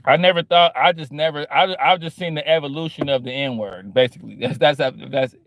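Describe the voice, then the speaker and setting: A man's voice: fairly high pitch, fairly quick, fairly bright tone, no room sound. A man in his forties talking straight to camera in a casual, profane rant, repeating "man" and "bro" as he makes his points. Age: 40s. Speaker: vlogger. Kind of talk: casual monologue.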